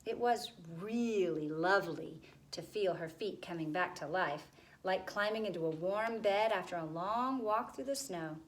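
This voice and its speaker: Woman, storybook reader, steady, expressive, medium pitch. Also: measured pace, rough recording. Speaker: narrator. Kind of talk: reading a children's book aloud.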